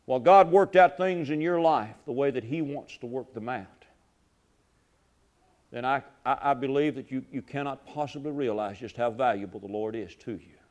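A middle-aged man preaching a sermon, swinging from loud, fervent lines to hushed ones and repeating his phrases. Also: medium pitch, moderate pace. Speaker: pastor.

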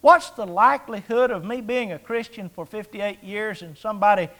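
A man's voice: sits high, moderate pace, a bit bright. A man in his sixties preaching a sermon in a folksy, conversational way, with jokes and rhetorical questions. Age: 60s.

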